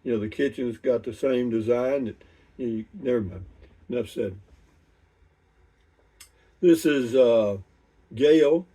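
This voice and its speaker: An older man, reading out viewer comments and chatting about them in an unhurried, rambling way with many restarts. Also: medium pitch, warm tone, slightly rough, recorded from a distance. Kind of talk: casual chat.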